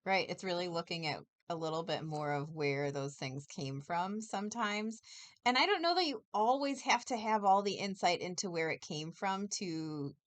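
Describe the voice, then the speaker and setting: A woman's voice: on the low side, lively intonation, normal speed. A woman co-hosting a casual podcast chat, explaining ideas with visual examples and laughing often.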